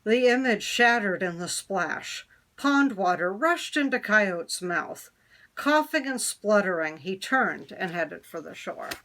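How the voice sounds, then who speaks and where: A woman reading a children's picture book aloud in an expressive, storytelling way. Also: mid-range voice. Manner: expressive, slow read-aloud.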